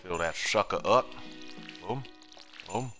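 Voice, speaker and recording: A man streaming a game, giving casual commentary and muttering to himself, his volume drifting between quiet and loud. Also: lowish voice, slow. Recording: game music playing behind.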